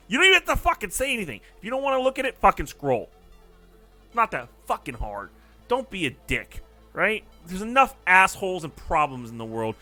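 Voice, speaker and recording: A man's voice: medium pitch, pushed and bright. A man hosting a livestream from his apartment, ranting in a heated, profane, casual way and talking to his chat. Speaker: livestream host.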